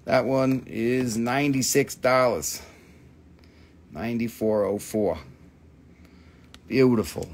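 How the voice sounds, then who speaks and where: A man's voice: medium pitch, slow, pauses often, a little hiss or hum. A middle-aged man with an Appalachian accent hosts a casual live sales stream, talking loosely about his stones, swearing freely and reading out prices and buyer numbers. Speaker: live-stream crystal seller.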